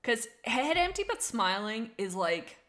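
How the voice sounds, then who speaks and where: A woman's voice: a little high, sing-song, a little slow, fairly bright tone. Bubbly, giggly young woman streamer. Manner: bubbly, giggly and rambling, with many restarts and laughs. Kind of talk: casual livestream chat, reading out viewer comments.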